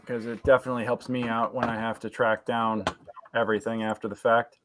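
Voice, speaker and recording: A man's voice: medium pitch, flat delivery, fairly quick, noisy background. A man running an online tabletop game as game master, narrating with many hesitant fillers.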